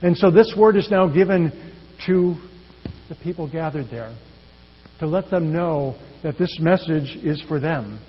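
A male pastor preaching a sermon in an earnest, measured way, his phrases often trailing off softly. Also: a little high, a little hiss or hum. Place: church sanctuary. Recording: dull echoey church hall.

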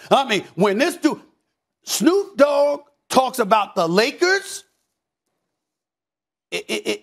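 A middle-aged man giving heated sports commentary, emphatic, repeating phrases and swinging from low mutters to shouts. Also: slightly rough.

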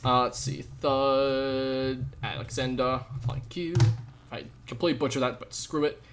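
A man's voice: mid-range voice, fairly even intonation, a little slow, a little hiss or hum. Rambling young male game streamer. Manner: jokey, rambling, sudden loud outbursts. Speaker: gaming streamer. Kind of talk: live gameplay commentary with chat.

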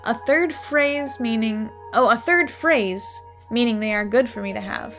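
A woman's voice: fairly high pitch, measured pace, fairly bright tone, faint music behind. A woman voicing an eccentric, dreamy fisherman who hunts lake junk, in a shaky put-on German accent. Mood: grandiose. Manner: grandiose, rambling.

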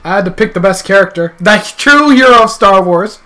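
Man, casual gameplay commentary, jokey trash talk, high voice, bright tone. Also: expressive, fairly quick, soft background music. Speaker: video game player.

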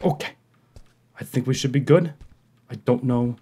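A man hosting a horror game playthrough, talking to himself in jumpy, profane commentary that swings from muttering to yelling. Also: mid-range voice, fast talker. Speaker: gaming video host.

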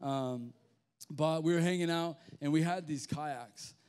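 A young man with an Australian accent preaching to a youth group in a casual, animated storytelling manner with slang. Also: a little high, a little slow, clean tone. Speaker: youth pastor. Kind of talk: sermon with storytelling.

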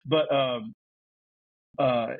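A man's voice: medium pitch, very slow, vocal fry, no room sound, phone-quality sound. A man, a voice actor guest on a podcast, telling casual anecdotes and acting out quotes. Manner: animated, acts out quotes in voices.

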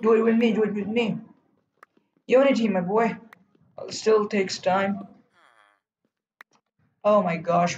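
A man giving live commentary while streaming a game, urging himself on and breaking into loud whoa and no cries. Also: high voice, reverberant, highs cut off, slight background noise. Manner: talks to himself and urges teammates on. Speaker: gaming streamer.

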